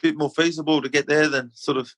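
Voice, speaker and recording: A man's voice: on the high side, fast talker, low-quality recording. An Australian man, a retired rugby league player, chatting casually as a podcast guest and calling the host mate. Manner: relaxed, chatty, calls everyone mate. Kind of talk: casual interview chat.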